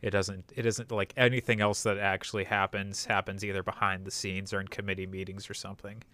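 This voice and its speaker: A young man in casual podcast chat, talking in a thoughtful, measured way and pausing to search for words. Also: sits low, level tone, bright, forceful tone, dry recording.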